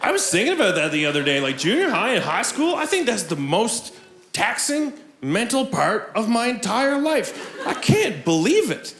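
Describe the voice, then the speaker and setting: A young male comedian performs a live stand-up set, his high voice leaping wildly as he shouts punchlines. It sounds like a stage mic in a roomy, echoing theatre, with a clear hum of audience noise behind him. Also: moderate pace. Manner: animated, breaks into shouting for punchlines; laughs at his own jokes.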